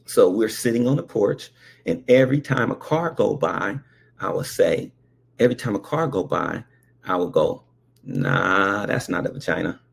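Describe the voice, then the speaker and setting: A male comic storyteller with a gravelly, husky voice. His pitch swings widely as he builds the story, peppered with little asides to the listener. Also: normal speed. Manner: animated, repetitive asides like okay and all right. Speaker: comedian.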